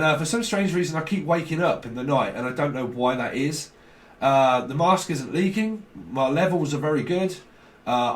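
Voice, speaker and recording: A man rambles through a casual tarot reading, loose and chatty with the odd curse. His voice sits a little high for a man. The room around him rings with echo. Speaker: tarot reader.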